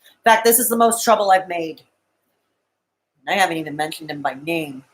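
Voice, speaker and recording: A woman's voice: on the low side, lively intonation, fairly quick, poor audio. A woman on a live stream, talking to her chat in a rambling, distraught way, tearful at times, with bitter laughs between thoughts. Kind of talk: emotional live-stream monologue.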